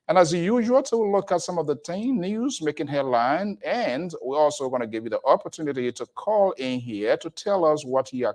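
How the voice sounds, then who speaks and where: A man's voice: a little high, a little mellow. A man hosting a live call-in radio show, energetically greeting listeners by name. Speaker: radio talk show host.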